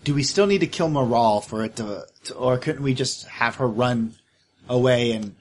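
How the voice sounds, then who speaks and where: A man's voice: medium pitch, moderate pace, darkish tone. A man playing a tabletop game, laying out a plan in a rambling, self-correcting way. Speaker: player.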